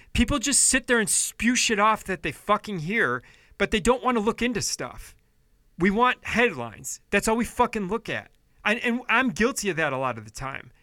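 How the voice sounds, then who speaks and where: A fired-up male podcast host with a bright, forceful voice who swears freely. He rails at his listeners, then pulls back to a calmer, apologetic tone. The sound is close and dry, with no room around it. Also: sits high, no room sound. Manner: heated, profane, swings between yelling and apologetic quiet. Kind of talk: ranting political commentary podcast.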